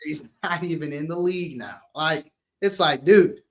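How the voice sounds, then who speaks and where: High-voiced man in animated football banter. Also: normal speed. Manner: animated, uses slang, acts out quotes. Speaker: sports show co-host. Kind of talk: casual sports talk.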